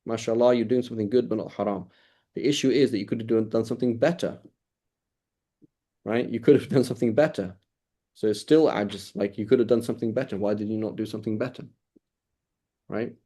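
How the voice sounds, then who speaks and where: Low, mellow-voiced man teaching a class. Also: fairly even intonation, brisk, pauses often. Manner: conversational, keeps asking "right?"; repeats phrases to drive points home. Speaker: religious teacher. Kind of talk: informal classroom lecture.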